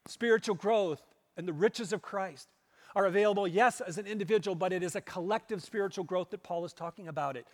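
A male pastor preaching a sermon, pressing hard on key words and then dropping to hushed, low asides. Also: fairly quick. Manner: emphatic, swings between loud stresses and hushed low asides. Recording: long hall reverb.

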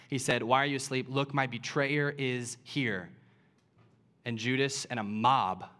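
A man's voice: medium pitch, fairly bright tone. A man preaching a sermon, retelling scripture as a story and building to impassioned emphasis.

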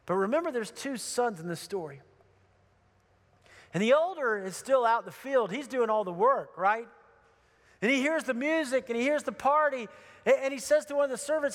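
A middle-aged male pastor preaching a sermon in a casual, animated storytelling way. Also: extremely high pitch, normal speed, pauses often, in a large hall.

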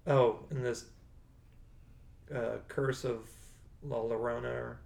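Man, mid-pitch, casual rambly co-host, roomy echo on the track. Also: flat delivery, slow pace, vocal fry, darkish tone. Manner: rambling, self-correcting. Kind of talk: casual chat.

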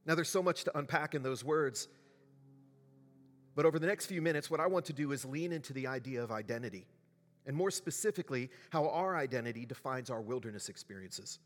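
In a big hall whose long reverb rings around him, a male pastor preaches at a brisk clip. His voice sits in the middle range, and his sermon has a conversational feel as he poses questions to those gathered.

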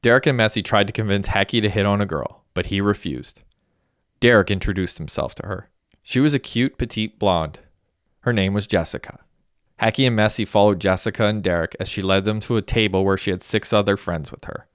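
Smooth low-voiced man narrating a story. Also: fairly quick, dry recording, clean studio sound. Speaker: audiobook narrator. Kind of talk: scripted narration.

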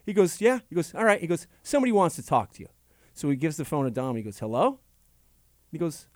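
A man telling stories in a casual chat, animated and swearing freely. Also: a little high, quick pace, no room sound, clean studio sound. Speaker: comedian guest.

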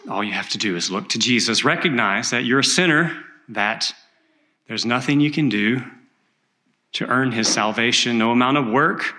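A pastor delivers an earnest, measured sermon in a church, his voice bright and forceful. His pitch sits in a middle range for a man.

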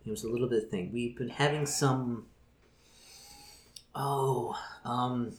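A man's voice: mid-range voice, fairly even intonation, measured pace, close to an everyday voice. A man voicing a foul-mouthed, scheming woman city official, stammering and repeating words in a roomy, echoey recording. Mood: worried. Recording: roomy echo.

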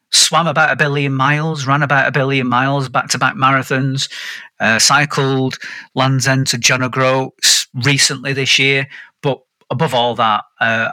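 A man hosts a casual podcast chat. He sounds upbeat and a bit rambling, restarting his sentences. His tone is very bright and the sound is dry. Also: medium pitch, no echo. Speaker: podcast host.

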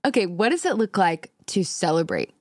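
A woman's voice: mid-range voice, sing-song, moderate pace, no echo, studio quality. A woman hosting a podcast, asking friendly, curious questions. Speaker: podcast host. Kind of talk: casual interview.

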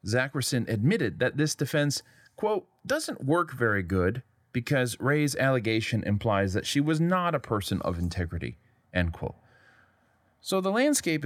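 A man's voice: mid-range voice, no room sound, clean studio sound. A man hosting a history podcast, narrating in a wry, conversational way and reading quotes aloud. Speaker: podcast host.

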